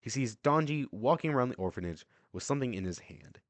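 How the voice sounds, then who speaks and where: A man narrates as game master in a tabletop game. His delivery is loose and casual, with jokes at his own expense. His pitch moves lively and the sound is close and dry. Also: fast talker, no echo. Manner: loose, casual, self-deprecating.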